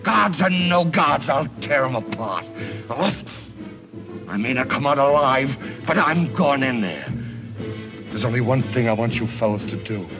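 An actor playing a cowardly lion who talks himself into bravery, blustering and theatrical, in an old film clip. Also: male voice, medium pitch, lively intonation, unhurried, music in the background. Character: cowardly lion psyching himself up, boastful but scared. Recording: dull film clip with score.

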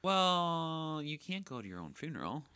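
Man with a bright, very lively voice. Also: on the high side, moderate pace, clear, resonant tone, no echo. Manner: chiming in with short reactions and comments. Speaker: podcast co-host reviewing TV episodes. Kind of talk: casual chat.

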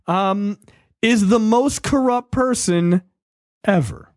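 A man's voice: high-pitched, slow, dry recording, studio quality. A man co-hosting a podcast, talking politics in casual, sarcastic banter and often restarting his sentences. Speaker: podcast co-host.

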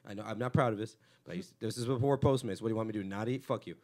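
A man's voice: lowish voice, very fast, a little mellow. A man from the San Fernando Valley in Los Angeles, a comedian hosting a podcast, telling rambling, profane stories in casual chat and slipping into mock voices.

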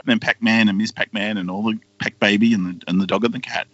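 A man's voice: on the low side, fairly even intonation, fast talker, few pauses, fairly bright tone, no echo, dull audio. A man, casually retelling a cartoon plot on a podcast and slipping into silly character voices. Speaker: podcast co-host.

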